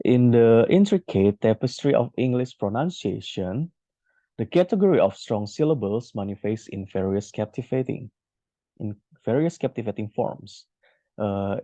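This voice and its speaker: A man's voice: medium pitch, expressive, a little slow, warm tone, dry recording. A man presenting to a class, reading an ornate prepared text. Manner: reads flowery prepared text. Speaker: student presenter.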